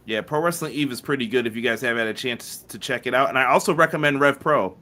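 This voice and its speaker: Bright-voiced man reading live chat. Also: mid-range voice, fast talker. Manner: upbeat, reads chat messages aloud, shouts out viewers. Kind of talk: casual live-stream chat.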